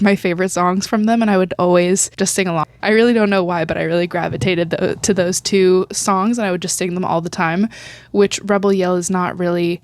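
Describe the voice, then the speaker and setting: A woman's voice: lowish voice, no echo. A young woman hosting a solo podcast, chatting in a rambling, casual way with frequent laughs and fillers, getting teary as she talks. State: teary and emotional. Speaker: podcast host.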